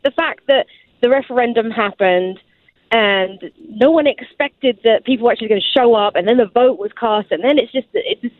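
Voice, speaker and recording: A woman's voice: a little high, dry recording. British woman caller, frank and weary, tinny phone line sound. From Britain. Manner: frank, weary, rambling with restarts. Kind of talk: radio phone-in commentary.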